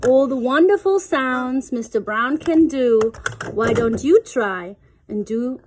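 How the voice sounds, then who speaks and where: A woman's voice: sits high, lively intonation, slow, background noise. A young woman reading a picture book aloud to her child, playful and sing-song, acting out the sound effects.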